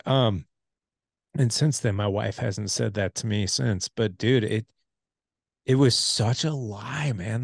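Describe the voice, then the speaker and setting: Gravelly low-voiced middle-aged man. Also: dry recording, studio quality. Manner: candid, casual, many fillers like dude and man. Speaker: podcast guest. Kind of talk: emotional personal storytelling.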